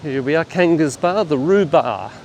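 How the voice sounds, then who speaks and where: A man talks to his camera as he strolls a beachfront street, tossing out wry asides. His voice sits a little high for a man. A faint hum of traffic runs under him outdoors. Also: lively intonation, moderate pace. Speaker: vlogger on a walking tour. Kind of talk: casual walking commentary.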